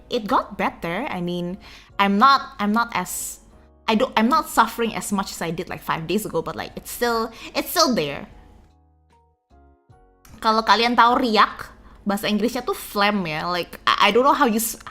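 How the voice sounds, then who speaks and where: A woman's voice: on the high side, bright, forceful tone. A young woman from Indonesia with an Indonesian accent, chatting casually on a stream and greeting viewers, rambling with restarts, her throat sore and phlegmy. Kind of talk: casual chat reading out viewer messages. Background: faint background music.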